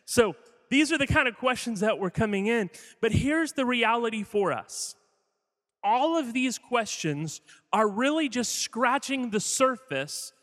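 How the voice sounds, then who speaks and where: A pastor, a man with a fairly high voice, preaches in a loose, conversational way, making small jokes and quizzing his congregation. His words ring out with a long reverb from the church hall around him. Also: fairly bright tone. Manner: conversational, jokey, quizzes the audience. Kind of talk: sermon.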